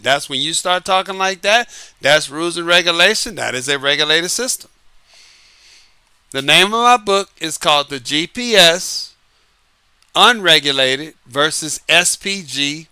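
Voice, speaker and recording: A man hosting his own show as an author, giving a casual, lively monologue, repeating himself and laughing often. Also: a little high, unhurried, clear, resonant tone, no echo. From United States. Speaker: podcast host and author. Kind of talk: casual late-night monologue. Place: Southern California.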